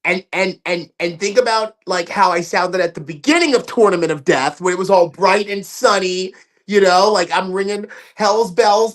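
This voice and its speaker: A man with a raspy voice and a notably high pitch talks casually as an interview guest. He is animated and slips into changing voices to act out quotes. The feel is a relaxed indoor podcast chat. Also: moderate pace. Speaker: ring announcer, guest.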